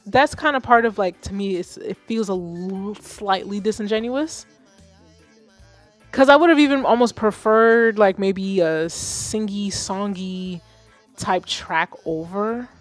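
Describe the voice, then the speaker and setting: A woman host reviews songs live on her stream, blunt and animated, with a mid-range voice and frequent swearing. Faint music plays softly behind her. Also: mid-range voice. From Haitian. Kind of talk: casual livestream commentary.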